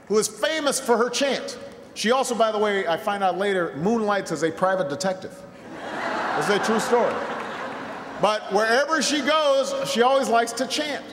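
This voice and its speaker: This political speaker is a high-pitched man addressing a crowded rally venue, mixing self-deprecating storytelling with a build toward shouted call-and-response. The sound is an echoey PA in a long hall, full of crowd cheering and slight background noise.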